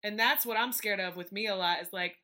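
A woman's voice: mid-range voice, brisk, pushed and bright. A woman hosting a casual chat, speaking openly and reflectively about her own doubts.

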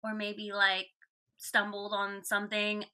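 A woman's voice: mid-range voice, completely flat delivery, takes it slowly, sharp tone. A woman guest on a podcast, chatting casually and rambling with lots of "like"s. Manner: rambling, many "like"s. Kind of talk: casual chat.

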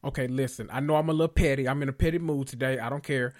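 Animated, profane male podcast host. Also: medium pitch, racing. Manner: animated, profane, emphatic repetition. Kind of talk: casual reality TV recap.

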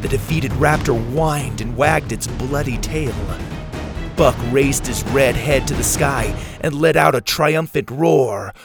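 A man narrating a storybook with a dramatic, expressive reading. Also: mid-range voice, measured pace, music in the background.

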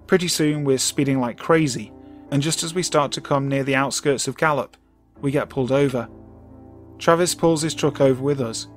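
A man narrating a scary story in a calm, measured way, slowing down for suspense. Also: medium pitch. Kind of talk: scripted narration. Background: soft music.

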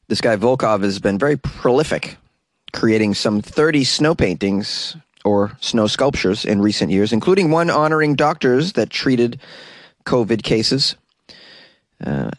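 A man's voice: lowish voice, no echo. A man hosting a comedic weird-news podcast from a small closet, reading stories and drifting into rambling, self-mocking asides. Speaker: podcast host.

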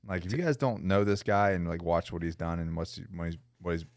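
A male podcast host with a low, deep voice and a loose, easygoing way of talking, dropping in swear words and "man" or "bro." The sound is dry and close, with no room echo. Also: brisk. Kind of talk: casual interview chat.

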